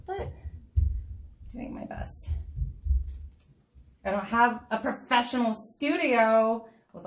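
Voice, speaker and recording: Bubbly chatty woman painting live. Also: on the low side. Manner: chatty and bubbly, laughs often, talks to viewers. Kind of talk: casual chat while painting live. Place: home room, not a studio.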